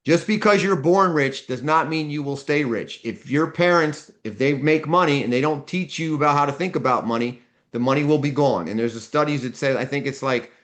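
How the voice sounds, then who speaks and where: A man's voice: mid-range voice, fairly bright tone. A man teaching a live seminar, blunt and direct, tossing questions at the class and answering them himself. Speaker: seminar instructor.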